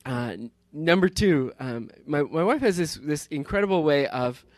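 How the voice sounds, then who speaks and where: A pastor in his fifties, voice on the high side and expressive, speaks at normal speed in a dry recording. His casual pulpit talk is rambling and cheerful, peppered with laughs and sentences he begins again.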